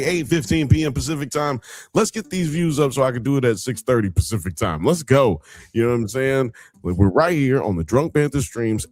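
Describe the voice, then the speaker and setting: A man's voice: medium pitch, darkish tone, dry recording. A man hosting a live podcast in casual chat, joking and laughing often. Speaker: podcast host.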